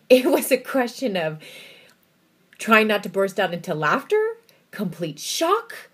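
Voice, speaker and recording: Lady vlogger telling her own story to the camera, breathy kinda husky voice, really leans into it. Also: medium pitch, a little slow. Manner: expressive storytelling with vivid emphasis.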